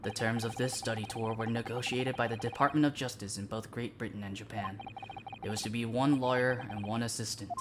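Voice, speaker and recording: A woman's voice: a bass voice, steady tone, fairly quick, noisy background. A woman doing a grave, stiff police inspector. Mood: formal. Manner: grave, formal. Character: stern, formal older male police inspector. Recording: voice over loud game music.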